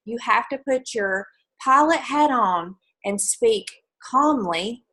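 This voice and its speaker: A woman's voice: fairly high pitch, lively intonation, slow, fairly bright tone. Earnest chatty woman cheering on her team leaders over a video call. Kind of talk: motivational talk on a video call.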